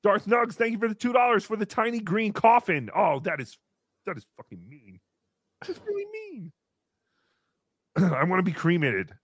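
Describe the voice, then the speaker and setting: A man's voice: sits high, no room sound, studio quality. A man voicing a small, crude, giggly green puppet creature who hosts a comedy stream, reads out donations and talks about himself in the third person. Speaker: puppet host reading donations. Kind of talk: comedy livestream puppet act.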